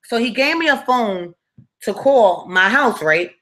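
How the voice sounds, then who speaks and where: Animated, blunt woman telling a live story. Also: on the high side, measured pace. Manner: animated, blunt, profane, keeps asking "right?". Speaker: storyteller, channel host.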